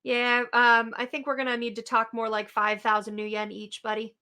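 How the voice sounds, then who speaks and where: Woman player, wry and firm, crisp bright tone, voice sits a bit high. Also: monotone, moderate pace. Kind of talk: tabletop game chat.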